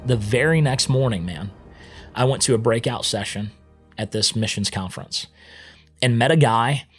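A man recounts his personal testimony as a missionary, relaxed and conversational, peppering his sentences with "man" and "right?". Music plays clearly beneath his voice throughout. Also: mid-range voice, normal speed. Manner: casual, keeps saying "man" and "right?". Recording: music playing underneath.

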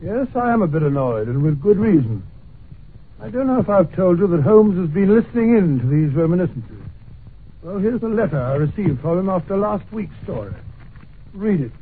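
An actor playing a good-natured doctor who narrates in a 1940s radio drama, talking in an earnest, mildly exasperated way. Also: male voice, high voice, very animated, normal speed. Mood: narrating. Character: good-natured doctor, loyal male companion, middle-aged. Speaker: narrator of the story. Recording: scratchy lo-fi old radio broadcast.

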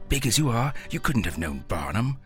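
A man voicing a stuffy, pompous male city scientist who grows flustered, his lines higher than his own narration. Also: big pitch swings, moderate pace, soft background music, lightly acted. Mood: probing. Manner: precise, pompous, growing flustered.

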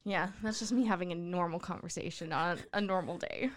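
A woman's voice: on the low side, a little fast, a little hiss or hum. A woman with a Texas accent, co-hosting a podcast in casual, jokey chat. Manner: giggly, rambling, jokey. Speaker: podcast co-host.

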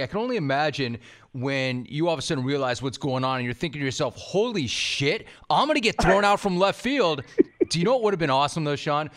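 A man's voice: medium pitch, a bit bright. A man hosting a podcast, speaking emphatically, asking questions and reading an ad. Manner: emphatic, enthusiastic delivery. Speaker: podcast host. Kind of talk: podcast interview and live ad read.

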